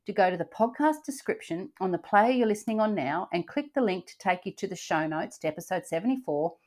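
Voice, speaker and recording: A woman's voice: medium pitch, expressive, quick pace, a little mellow. An older woman hosting a travel podcast, chatting in an upbeat way with frequent fillers and restarts. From Australia. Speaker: podcast host. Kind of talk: casual travel podcast chat.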